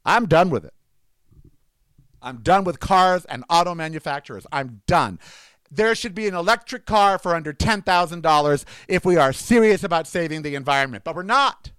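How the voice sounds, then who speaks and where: A man's voice: a little high, animated, normal speed, fairly bright tone, clear, resonant tone, no echo. A man turning sixty, ranting indignantly and sarcastically in a monologue, repeating himself for emphasis. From United States. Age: 50s.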